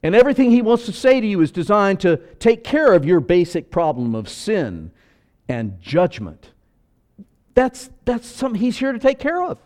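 A man preaches a sermon in a lively, sing-song voice that sits a little high for a man. He swings from loud emphatic bursts to quiet, wry asides, loose and conversational at the pulpit. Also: normal speed. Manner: animated preaching with sudden loud and soft swings and joking asides. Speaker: pastor.

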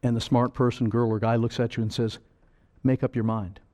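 A man preaching a sermon with fervor, swelling loud on key phrases and dropping low again. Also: level tone, brisk.

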